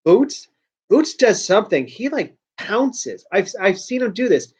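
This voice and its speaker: A man hosts a joke news show from home, talking casually to camera at his computer. He rambles, jokes, mocks himself, and trails off before restarting. His voice sits high and sing-song, a little slow, with a darkish tone and a breathy edge.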